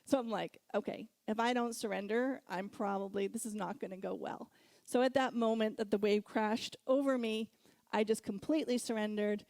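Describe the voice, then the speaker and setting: Middle-aged woman speaker, warm storytelling sermon, laughs often, dry close sound. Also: medium pitch, moderate pace, dry recording. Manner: storytelling, laughs often, animated when recounting. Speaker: guest speaker.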